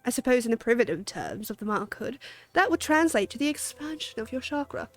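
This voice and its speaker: A woman's voice: a little high, very animated, a little fast, faint music behind. A woman reading a game's quest dialogue aloud for a haughty scholar obsessed with aether research, in a lofty, condescending way.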